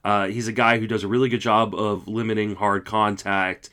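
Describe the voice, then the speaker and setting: A man hosting a casual podcast, moving it briskly from one segment to the next. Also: on the low side, little pitch movement, fairly bright tone. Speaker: podcast host.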